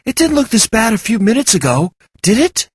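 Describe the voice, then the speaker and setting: Storybook heroine: male reader doing a high, tense young woman, urgent and sharp. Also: very animated, a little fast, breathy edge, no room sound, studio quality.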